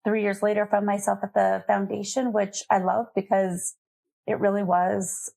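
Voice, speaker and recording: A middle-aged woman from Colorado, a guest on an interview, telling candid, lively stories from her life. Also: medium pitch, normal speed, creaky. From Colorado, USA. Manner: candid, lively anecdotes with laughter. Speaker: guest, nonprofit foundation CEO. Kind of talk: conversational storytelling.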